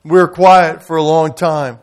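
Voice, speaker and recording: A man preaching a sermon as guest pastor in a church, telling a story dramatically and swinging from loud outrage to hushed tenderness. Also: on the high side, flat delivery, unhurried.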